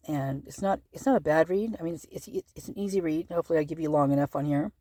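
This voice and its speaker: A woman hosts her own channel, working through a legal document aloud in a loose, rambling commentary full of fillers and restarts. Her voice is mellow and unhurried. The sound is dry and close, with no room around it. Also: deep voice, no echo. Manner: rambling, chatty, with many fillers and self-corrections. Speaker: true-crime channel host. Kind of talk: casual commentary while reading a legal document.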